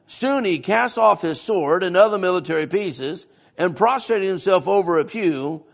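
A man's voice: high-pitched, lively intonation, moderate pace, creaky. A man preaching a sermon-style history lesson in a church, folksy and often asking the congregation questions.

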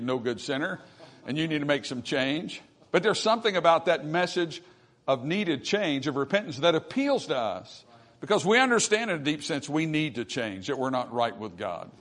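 A male pastor preaching a sermon, reading scripture slowly and building to emphatic, forceful peaks. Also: fairly high pitch. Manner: reads scripture aloud slowly. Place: church.

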